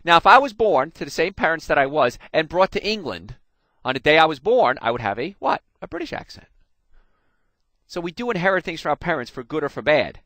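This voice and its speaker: On his radio health show, a middle-aged New Jerseyan with a light accent talks fast, his pitch leaning high. He's animated, spinning folksy stories and addressing listeners directly. The studio mic picks up no room sound.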